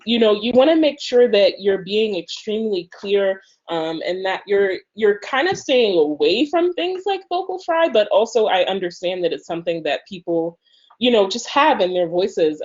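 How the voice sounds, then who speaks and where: A woman's voice: medium pitch, darkish tone. A woman leading an online workshop, talking loosely with many fillers over a video call. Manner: loose, filler-heavy speech. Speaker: workshop instructor. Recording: slightly muffled video call audio.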